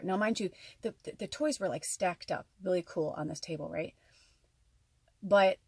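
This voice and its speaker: A woman telling a personal story in a casual vlog, excitable, swearing often and acting out her own dialogue. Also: lowish voice, no room sound.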